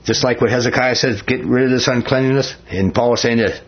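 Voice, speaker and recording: A man teaching a Bible study, reading scripture slowly and then talking about it in a heated, emphatic way. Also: mid-range voice, fairly even intonation, highs cut off.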